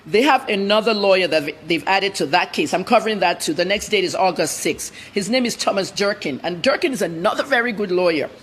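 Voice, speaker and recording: A woman's voice: mid-range voice, expressive, brisk, few pauses, a little hiss or hum. A middle-aged woman journalist answering interview questions bluntly and emphatically, jumping from point to point. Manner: blunt, emphatic, jumps between topics.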